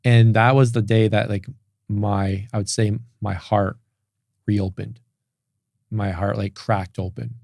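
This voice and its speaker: A man's voice: lowish voice, flat delivery, slow pace, creaky, a little mellow, dry recording, studio quality. A man speaking as a podcast guest, telling an emotional personal story in a candid, open way with many restarts. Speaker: podcast guest, business coach.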